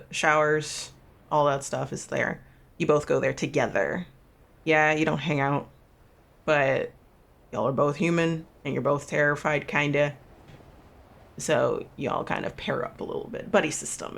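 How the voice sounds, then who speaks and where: A man's voice: fairly high pitch, vocal fry, a bit bright. A man narrating as game master in a tabletop game, rambling with restarts. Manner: rambling, many fillers and restarts.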